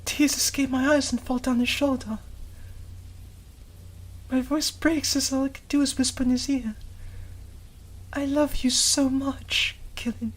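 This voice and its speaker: A woman voicing a gentle, devoted young woman in a visual novel, narrating softly in first person and comforting someone she loves. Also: sits high, steady tone, a little slow, long pauses. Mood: tender. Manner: soft, tender, hushed delivery.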